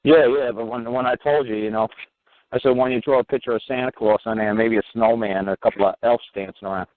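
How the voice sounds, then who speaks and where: A man with a New York accent rants and advises in a blunt, profane way, acting out both sides of past conversations. His voice sits fairly low and comes through a thin, tinny phone line. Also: fast, no room sound. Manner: blunt, profane, animated storytelling with mocking quotes. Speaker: talk show guest giving advice. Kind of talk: casual phone-in talk.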